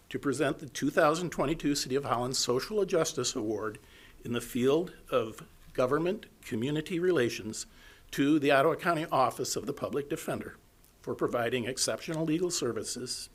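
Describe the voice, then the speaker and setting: A man's voice: medium pitch, a bit bright. An older American man with an American accent presenting an award at a ceremony, emotional and choked up as he speaks. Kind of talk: ceremony speech.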